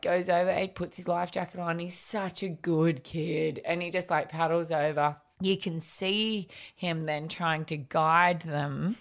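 A middle-aged woman, chatting casually and acting out dialogue as she tells a story. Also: deep voice. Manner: animated storyteller, acts out dialogue. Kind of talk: casual chat.

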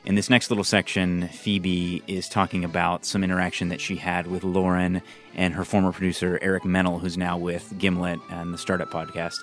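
A man with a very low, level voice hosts a podcast. He speaks earnestly and evenly, with little rise and fall. Faint music plays under his narration. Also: fairly bright tone. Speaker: podcast host.

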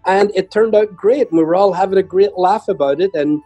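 Older guy telling funny stories, bit high voice, kinda husky. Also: brisk, soft background music, rough recording. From Ireland. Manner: chatty, humorous anecdotes with lively voiced quotes. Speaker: guest musician. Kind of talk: conversational storytelling.

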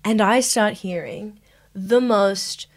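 A woman's voice: mid-range voice, slow. A young woman co-hosting a casual chat podcast, telling stories with lots of laughter and acted-out quotes. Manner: animated storyteller, laughs often, acts out quotes. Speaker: podcast co-host.

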